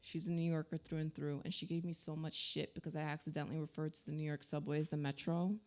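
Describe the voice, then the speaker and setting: A woman's voice: deep voice, flat delivery, quick pace. Chatty woman hosting a radio talk show. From New Jersey. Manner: chatty, heavy use of "like", laughs often. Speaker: host. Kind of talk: casual radio chat. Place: radio studio.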